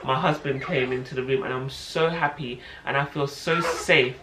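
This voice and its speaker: A woman in her thirties telling a personal story to camera in a casual, animated way, acting out what other people said. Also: very deep voice, moderate pace. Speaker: vlogger, mother. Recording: echoey room with faint noise.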